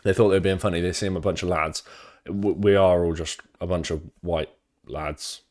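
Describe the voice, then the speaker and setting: A man's voice: low-pitched, fairly even intonation, moderate pace, darkish tone. A young man with a British accent, chatting casually on stream, rambling through sweary anecdotes.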